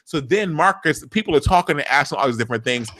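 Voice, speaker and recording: A man hosting a TV recap, retelling scenes with lively commentary and acting out the characters' lines. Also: a little high, fast talker. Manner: acts out characters' lines in dramatic voices. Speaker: recap show host.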